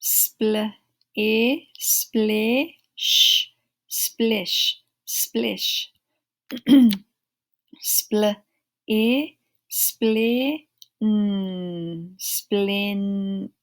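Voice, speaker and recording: A woman teaching a first-grade phonics lesson, sounding out each blend slowly and repeating every word several times. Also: mid-range voice. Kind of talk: phonics lesson for young children.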